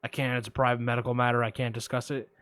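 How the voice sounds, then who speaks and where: A man putting on a creepy secretive male caller, speaking low, hushed and insinuating, in a dry, close-sounding podcast retelling of a phone call. The voice sits down in a murmur. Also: little pitch movement, racing, no echo, lightly acted. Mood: evasive.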